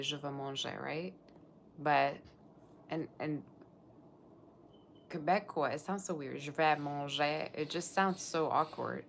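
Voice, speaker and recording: A woman's voice: sits low, gravelly, slight background noise. A woman giving a live tarot reading to her viewers, chatting and rambling as she answers their comments. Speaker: tarot reader.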